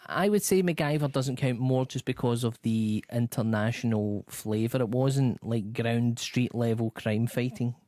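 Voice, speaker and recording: Dry, grudging male sidekick on a radio show; measured talk, close mic with no room sound. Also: medium pitch, a little mellow, no room sound. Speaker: radio co-host. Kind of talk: casual radio chat. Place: radio studio. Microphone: studio microphone.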